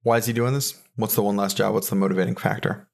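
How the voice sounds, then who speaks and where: A man with a fairly low, gravelly voice hosts a comedy podcast and speaks fast. He trades casual banter, asking dry, puzzled questions and recounting the joke with deadpan timing.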